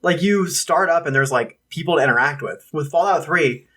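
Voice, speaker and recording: A man co-hosting a podcast, chatting in a relaxed, easygoing way and dropping 'like' often. His voice sits a bit higher than most men's. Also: brisk, breathy edge. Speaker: podcast co-host. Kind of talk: casual podcast chat.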